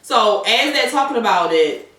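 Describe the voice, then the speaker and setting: A woman's voice: on the high side, moderate pace. A woman in casual chat, animatedly retelling a TV episode with plenty of profanity. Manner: animated retelling with acted-out quotes, heavy profanity. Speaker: podcast co-host recapping a TV episode. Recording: echoey room from far off the mic.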